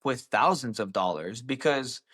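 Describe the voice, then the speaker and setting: A man's voice: medium pitch, moderate pace, slightly rough. A young roofing business owner, a man telling stories in a casual interview, acting out quotes and saying "dude" and "like" often. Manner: animated, acts out quotes, says "dude" and "like" often.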